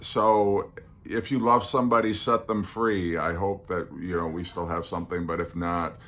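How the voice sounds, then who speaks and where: A man with a deep, low voice hosts a casual solo podcast. He talks things through slowly and earnestly, trailing off into ums and restarting his sentences as he goes. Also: steady tone, a bit bright. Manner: musing, hesitant, earnest, many ums and restarts. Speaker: podcast host.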